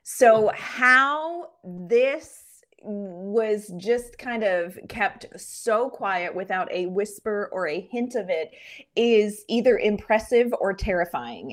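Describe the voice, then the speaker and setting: A woman co-hosting a casual sports podcast, talking in an animated way with quick asides. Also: mid-range voice. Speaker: podcast co-host.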